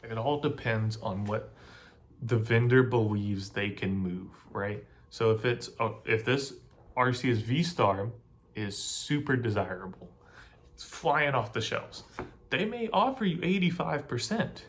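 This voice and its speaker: A man at an ordinary middle pitch walks the viewer through the steps in a loose, chatty way. He repeats points and keeps checking that the listener is still with him. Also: animated, measured pace. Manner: chatty, repeats himself, frequent "right?" asides. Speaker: channel host giving advice. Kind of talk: casual how-to talk to camera.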